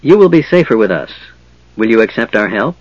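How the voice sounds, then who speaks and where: A man voicing Tanis, a calm half-elf leader. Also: lowish voice, no echo, highs cut off. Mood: firm, measured. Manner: measured, firm.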